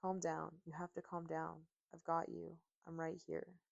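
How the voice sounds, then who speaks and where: A woman narrator gives voice to a frightened young man whose voice keeps breaking as he pleads. His tone sits low, flat and gravelly, and the audiobook recording is dry and close. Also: measured pace, no room sound, muffled recording, heavily acted. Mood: pleading.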